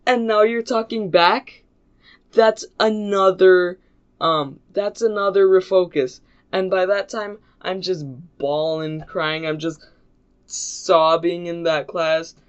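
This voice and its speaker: A man rambles through a casual storytime vlog, stopping and restarting with plenty of fillers. He speaks slowly, and the recording sounds dull and lo-fi. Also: on the high side. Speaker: YouTuber.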